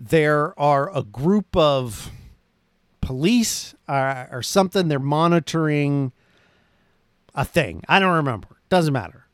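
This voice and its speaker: Casting: male podcast host, slightly higher voice, loose excited movie recap, dry booth sound. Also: slow pace, dry recording. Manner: rambling, enthusiastic, lots of "like" and restarts.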